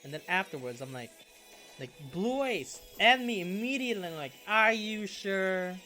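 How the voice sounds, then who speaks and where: A man's voice: high voice, very animated, moderate pace, pushed and bright, soft background music. A young man casually telling a story, swearing a lot and restarting his sentences. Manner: swearing freely, rambling with restarts.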